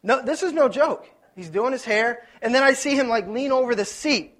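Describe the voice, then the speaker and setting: A man from Ohio preaching a sermon, telling stories in a lively, joking, conversational way. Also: extremely high pitch, moderate pace. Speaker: pastor.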